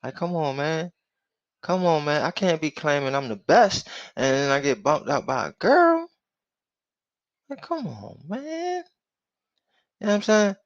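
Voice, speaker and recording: A man's voice: on the high side, sing-song, moderate pace, no room sound, highs cut off. A man hosting a casual sports talk show, laid-back and drawling with lots of fillers. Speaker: host.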